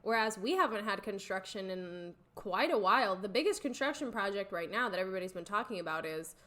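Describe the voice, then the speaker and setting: A woman's voice: mid-range voice, a little fast. A young woman co-hosting a podcast, chatting and reading news items aloud. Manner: relaxed, reads news items aloud between banter. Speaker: podcast co-host. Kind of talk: casual chat.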